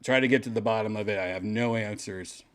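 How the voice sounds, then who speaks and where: A man's voice: fairly low pitch, fast talker, clean tone. A man hosting a podcast, giving casual, exasperated reaction commentary and swearing often. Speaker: podcast host.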